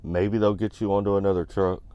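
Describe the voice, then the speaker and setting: A deep-voiced man tells a story in a loose, blunt, easygoing way. His low voice sits close and dry, with no room sound around it. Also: level tone, brisk, clean tone, no room sound, muffled recording. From United States. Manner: blunt, laid-back, peppered with "you know". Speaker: trucking vlogger. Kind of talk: casual storytelling.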